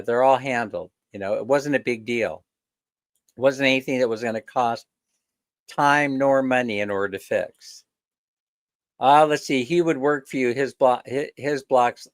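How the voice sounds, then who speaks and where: A man's voice: medium pitch, no room sound, studio quality. A man hosting a casual live chat with viewers, telling stories, chuckling often, and mimicking the people he quotes. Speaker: host.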